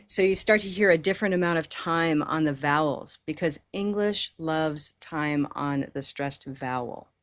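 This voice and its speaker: American woman teaching pronunciation. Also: sits low. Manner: encouraging, models phrases slowly. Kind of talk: online class instruction. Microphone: video call.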